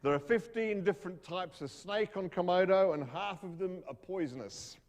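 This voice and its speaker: A man doing a grouchy Australian venom expert who rambles from complaint to complaint, fed up and distracted. The voice sits a little high. It rings out through a big hall with a long reverb. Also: moderate pace, darkish tone. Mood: grumpy. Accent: Australian (put on). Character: grumpy, rambling male venom scientist.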